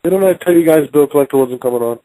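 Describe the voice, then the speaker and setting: A man hosting a call-in show, talking casually, loudly and profanely, often repeating words as he rambles. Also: a little high, fast talker, no echo, low-quality recording. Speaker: show host.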